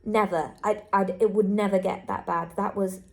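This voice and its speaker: A woman's voice: mid-range voice, steady tone, normal speed, vocal fry. A young woman travel vlogger talking candidly and earnestly to camera, repeating herself for emphasis. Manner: earnest, repetitive, heartfelt. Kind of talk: candid vlog monologue to camera.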